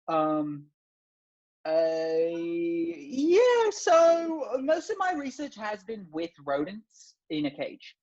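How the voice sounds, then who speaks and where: A woman doing a bumbling fake-British rat expert. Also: sits low. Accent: put-on British, slipping. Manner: rambling, hesitant, absurd deadpan boasts. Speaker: guest. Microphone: video call. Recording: dull lo-fi video call audio.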